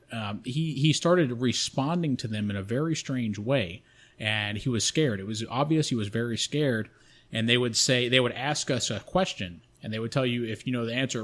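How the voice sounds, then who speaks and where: A man co-hosting a podcast, telling a long personal story in a loose, rambling way. He swears freely and often restarts his sentences. His pitch sits in a middle range for a man. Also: a bit bright. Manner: profane, rambling, frequent restarts. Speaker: podcast co-host. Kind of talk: casual storytelling.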